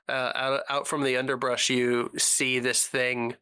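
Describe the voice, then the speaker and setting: Bright, smooth-voiced game master. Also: male voice, medium pitch, dry recording. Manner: relaxed, measured, with frequent fillers. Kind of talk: narrating a tabletop game.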